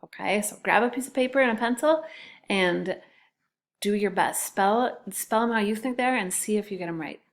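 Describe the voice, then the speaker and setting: A woman's voice: medium pitch, normal speed. A woman teaching a children's spelling lesson, patiently sounding out words syllable by syllable.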